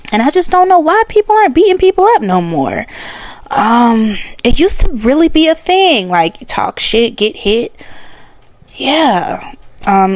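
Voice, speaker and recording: A woman's voice: on the high side, no echo. Sassy woman podcaster. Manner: sassy, animated, blunt. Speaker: podcast host. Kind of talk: casual pop-culture commentary.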